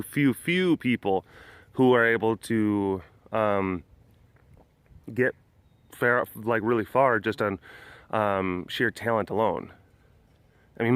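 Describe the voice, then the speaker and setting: A man's voice: medium pitch, a bit bright, no room sound. A man hosting a casual vlog from outdoors at a big cat sanctuary, where he guides tours. He rambles and jokes, with many fillers and restarts.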